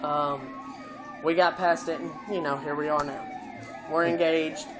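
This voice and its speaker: A man's voice: a little high, flat delivery, measured pace, background noise. Man rambling through a profane story. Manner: rambling and profane, full of "you know" fillers. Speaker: vlogger. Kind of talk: casual storytelling chat.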